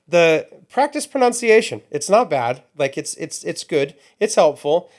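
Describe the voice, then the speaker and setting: A man's voice: a little high, sing-song, measured pace. A man chatting casually as a podcast co-host, often restarting his sentences. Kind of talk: casual chat.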